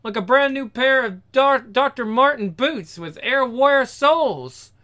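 A reader voicing a dim, excitable male kangaroo sidekick, blurting and stammering. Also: high voice, measured pace, pitched above the performer's own voice, full character voice. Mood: dopey.

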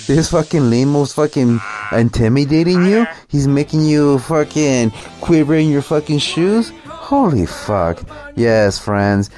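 A man's voice: a little high, darkish tone. A man doing profane, mocking commentary over a video clip, with a sneering, swearing manner.

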